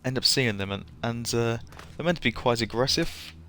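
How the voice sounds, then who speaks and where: A man's voice: mid-range voice, normal speed, bright, forceful tone, slight background noise. A man chatting casually as a livestreamer during a game, rambling and giggly. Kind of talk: casual gameplay livestream chat.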